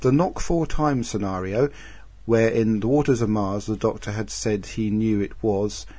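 Husky-voiced man reading listener mail. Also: lowish voice, moderate pace, mellow, no room sound. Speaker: podcast co-host reading listener feedback. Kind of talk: casual podcast chat.

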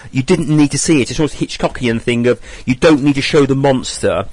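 A man talks through his thoughts in a quick, rambling flow, often stopping to correct himself. His voice sits at a middling pitch, and the recording is dry and close with no room sound. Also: a little mellow, breathy edge, no echo. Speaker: listener sending recorded feedback. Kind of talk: casual spoken review.

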